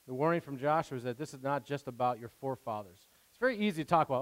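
A man's voice: medium pitch, lively intonation, very fast, few pauses. A man preaching a sermon in an earnest, conversational way, stopping and restarting, acting out quoted prayers. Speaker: pastor. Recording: long hall reverb.

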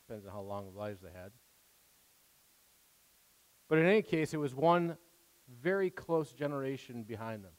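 A man's voice: mid-range voice, expressive, normal speed, long pauses. A man preaching a sermon in an earnest, conversational way, stopping and restarting, acting out quoted prayers. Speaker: pastor. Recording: long hall reverb.

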